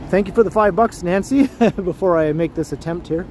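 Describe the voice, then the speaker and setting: Man, livestream host, slightly high voice, walking outside, faint city traffic behind. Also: a little mellow. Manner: chatty, greets viewers, laughs often. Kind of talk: casual live-stream chat. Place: outdoors on a downtown street, walking.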